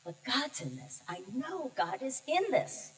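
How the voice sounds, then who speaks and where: An older woman minister giving a heartfelt, personal sermon, telling her story with pauses and emotion. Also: high-pitched, sing-song, a little hiss or hum. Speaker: guest minister. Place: church sanctuary. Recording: distant mic in a reverberant sanctuary.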